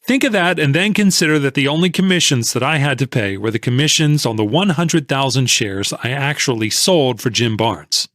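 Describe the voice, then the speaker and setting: A man's voice: medium pitch, moderate pace, hardly any pauses, fairly bright tone, dry recording, clean studio sound. A man narrating an audiobook in the first person, telling the story expressively.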